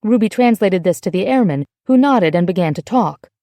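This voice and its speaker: A woman narrating an audiobook in an even, measured storytelling manner, recorded on a close mic. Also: medium pitch, no echo. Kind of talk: scripted narration.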